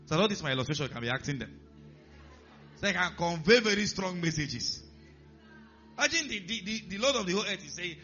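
Nigerian preacher guy, high voice that jumps all over, dull lo-fi sound, soft music under it. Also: brisk, pauses often. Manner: animated preaching, acting out characters, rising to shouts. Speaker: pastor. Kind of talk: sermon. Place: church.

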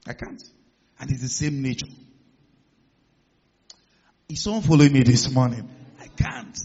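A male pastor preaching a sermon in a large church hall, emphatic and building to loud declarations. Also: mid-range voice, steady tone, unhurried, husky. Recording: muffled sound with long hall reverb.

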